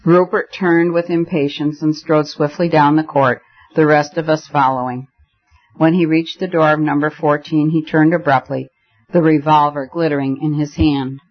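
A man narrating a story aloud in a measured, even storytelling voice. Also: fairly high pitch, lo-fi sound. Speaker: audiobook narrator. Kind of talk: scripted narration.

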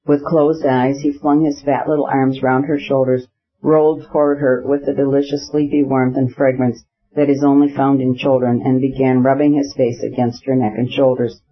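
A man reads a classic novel aloud for an audiobook, his medium-pitched voice even and measured. The recording sounds slightly muffled.

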